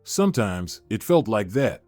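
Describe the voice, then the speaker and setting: A man narrating a family story in a steady storytelling manner. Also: fairly low pitch, a little slow, no room sound, faint music behind. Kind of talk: scripted narration.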